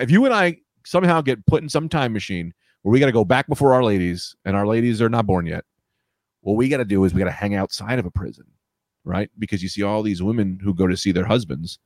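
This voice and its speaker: A man in casual podcast banter, his pitch swinging widely as he builds absurd comic scenarios. The sound is close and dry, with no room around it. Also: fast, dry recording. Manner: animated, riffing bits with put-on voices. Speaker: podcast co-host. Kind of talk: casual comedic chat.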